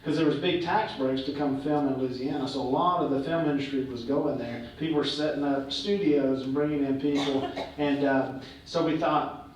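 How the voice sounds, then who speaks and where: A man, a guest speaker, telling stories to a live audience in a relaxed way with many fillers. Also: medium pitch, moderate pace. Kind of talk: on-stage storytelling. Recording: echoey hall, heard from a distance, faint noise.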